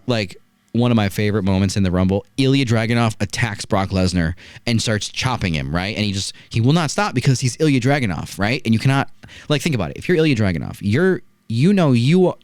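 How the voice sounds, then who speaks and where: Animated man reviewing a wrestling match. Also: mid-range voice, no echo. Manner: animated storytelling, rhetorical "right?" asides. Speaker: wrestling podcast host. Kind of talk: casual review chat.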